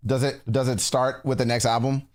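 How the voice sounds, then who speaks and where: A man's voice: mid-range voice, brisk. A man chatting casually on a livestream, reacting to music with slangy talk and frequent laughter. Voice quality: animated, laughs often, slangy.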